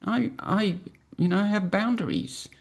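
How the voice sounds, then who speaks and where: A woman in her sixties, a podcast guest, speaking in an earnest, measured way with frequent fillers. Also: mid-range voice, creaky. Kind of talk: reflective interview talk.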